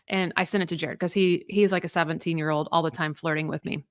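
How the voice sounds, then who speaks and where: Her voice sits low, with fairly even intonation and a quick pace, as this woman in her thirties co-hosts a podcast. She chats casually and rambles, often restarting and using fillers, on a dry, studio-quality recording.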